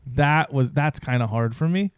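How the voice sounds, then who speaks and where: A man's voice: mid-range voice, normal speed, clear, resonant tone, no echo, clean studio sound. A man in his thirties co-hosting a podcast, talking in a thoughtful, reflective way. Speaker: podcast co-host. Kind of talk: casual chat.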